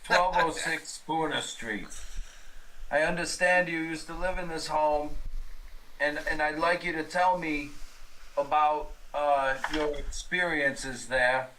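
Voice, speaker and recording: A man's voice: fairly high pitch, steady tone, slow, sharp tone, slight background noise, rough recording. A man playing an earnest, stammering investigator. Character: earnest male paranormal investigator on the phone. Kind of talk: horror tabletop role-play.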